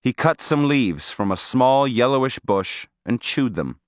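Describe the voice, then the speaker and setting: Animated male audiobook narrator. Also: medium pitch, measured pace, no echo, clean studio sound. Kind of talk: scripted first-person narration.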